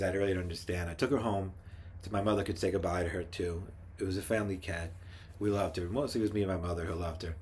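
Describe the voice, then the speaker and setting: A man's voice: sits low, slight background noise. A middle-aged man telling rambling personal stories in a casual monologue, with frequent restarts. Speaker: podcast host.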